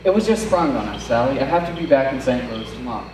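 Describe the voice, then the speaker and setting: A teenage boy playing a wordy, sardonic young man in a high school stage play, talking in a theatrical way. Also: animated, fast talker, lightly acted. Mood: insistent. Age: teens. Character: fast-talking self-assured young man courting. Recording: roomy, distant mic, faint noise.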